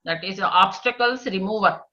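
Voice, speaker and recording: A woman teaching children in an online class, patiently repeating answers, praising pupils and chanting verses slowly for them to echo. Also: mid-range voice, crowd noise. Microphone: video call. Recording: dull lo-fi online call.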